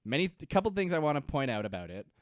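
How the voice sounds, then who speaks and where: Smooth-voiced man chatting on a podcast. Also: on the high side, very animated, very fast, no echo, clean studio sound. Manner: joking, rambling, goes off on tangents. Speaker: podcast co-host. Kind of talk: casual chat recapping a TV show.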